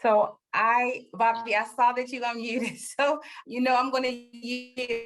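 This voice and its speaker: A woman speaking for a university on a video call panel, measured and formal with frequent pauses and fillers. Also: fairly high pitch, flat delivery. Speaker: university representative. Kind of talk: informative answer on a panel.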